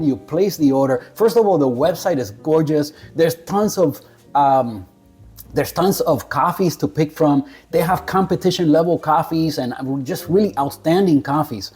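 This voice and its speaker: A relaxed man chats to his viewers about a coffee he is tasting. His voice is mellow and rather dark, and he laughs easily and trips over names he does not know. Faint music plays underneath. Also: a little high, normal speed. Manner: laid-back, chuckling, stumbles over names. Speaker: coffee reviewer. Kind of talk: casual talk to camera.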